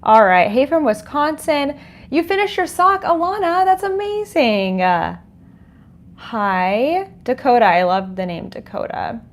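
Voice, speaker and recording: A woman's voice: high voice, big pitch swings, unhurried. A woman hosting a livestream from home, greeting viewers and reading their chat comments with frequent laughs. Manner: bubbly, laughs often, reads chat comments aloud. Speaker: podcast host on a livestream. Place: home, dog nearby. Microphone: desk microphone.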